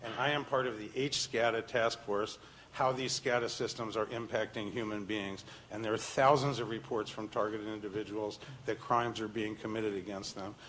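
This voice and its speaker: A man's voice: on the low side, fairly even intonation, moderate pace, a bit bright, slight background noise, rough recording. A man giving public testimony at a hearing, talking insistently with frequent "uh" fillers. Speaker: public commenter.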